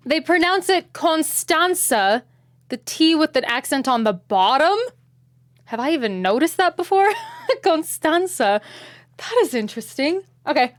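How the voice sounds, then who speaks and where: American woman host, casual reaction chat, questions everything, fairly high voice. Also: big pitch swings, normal speed. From United States. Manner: curious, asks many questions aloud, laughs often.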